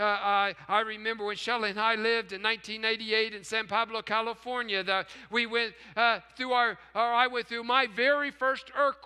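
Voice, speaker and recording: A male pastor preaches with an unusually high, very bright and smooth voice, leaning hard on key words and then falling to hushed repetitions. The church hall rings with long reverb behind him. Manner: emphatic, dramatic drops to hushed repeats. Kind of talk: sermon. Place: church sanctuary.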